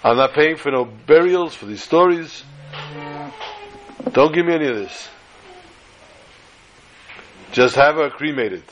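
A man's voice: on the high side, animated, unhurried, pauses often, dull audio, a little hiss or hum. A man doing a curt, bitter old-country son. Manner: blunt and curt, then wailing in grief. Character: bitter secular middle-aged son, stubborn, dismissive.

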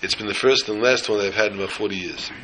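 A man giving a sermon as a rabbi, an animated storyteller who acts out scenes before he turns to teaching. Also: on the low side, quick pace, a little hiss or hum, poor audio. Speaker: rabbi teaching the weekly Torah portion.

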